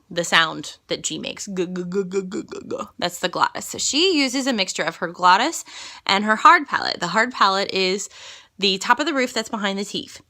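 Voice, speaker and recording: A classically trained woman teaching a singing lesson, explaining slowly and singing lines to demonstrate. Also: mid-range voice, bright, forceful tone. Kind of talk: vocal lesson with sung examples.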